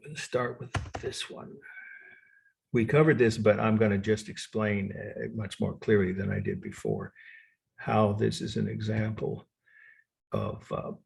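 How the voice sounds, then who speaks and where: A man lecturing on art history over a video call, repeating definitions slowly and correcting himself. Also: lowish voice, expressive, gravelly, slightly rough. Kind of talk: online lecture. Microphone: computer mic on video call.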